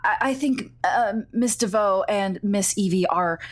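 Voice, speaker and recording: A woman voicing an overeager screenwriter who rambles in a rushed, eager way. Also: mid-range voice, lightly acted. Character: overeager screenwriter juggling rewrites.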